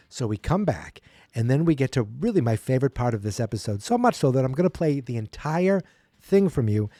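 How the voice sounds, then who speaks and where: Dark-voiced man recapping a sitcom episode. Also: expressive, fairly quick, no room sound, clean studio sound. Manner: rambling, acts out quotes in higher voices. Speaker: podcast host.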